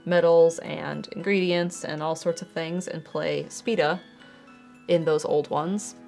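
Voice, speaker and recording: A woman's voice: deep voice, fairly even intonation, takes it slowly, creaky, darkish tone, faint music behind. Chatty woman explaining her painting. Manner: chatty, explains as she works, reads chat aloud. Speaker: art streamer. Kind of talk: casual chat while painting.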